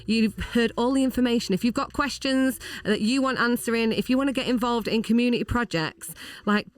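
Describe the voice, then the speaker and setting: A woman's voice: on the high side, brisk, no echo. Bubbly woman radio host. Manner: bubbly, enthusiastic. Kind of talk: casual radio chat. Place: radio studio.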